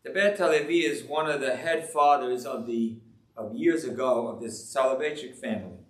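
A man speaking as a rabbi, giving a sermon to a live audience in an animated, joking, rhetorical way. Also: mid-range voice, moderate pace, far from the mic. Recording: echoey room.

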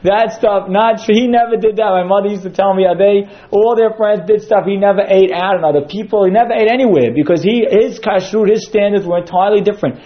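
A man's voice: fairly high pitch, highs cut off. A man giving a sermon that centres on a told story, acting out quotes as he goes. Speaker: synagogue speaker.

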